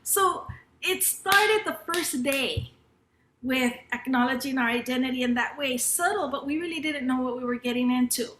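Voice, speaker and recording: Bright, high-voiced woman telling a story. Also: normal speed, reverberant, a little hiss or hum. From Los Angeles, United States. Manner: conversational, with frequent fillers and restarts; acts out her teacher's lines in quotes. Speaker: panel speaker at an educators' summer institute. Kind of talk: personal storytelling talk.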